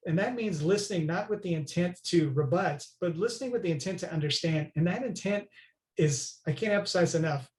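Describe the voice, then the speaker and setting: A man's voice: a little high, darkish tone. Man, raised voice, earnest podcast guest, emphatic, echoey room. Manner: earnest, emphatic, many "right?" tags. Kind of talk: conversational interview.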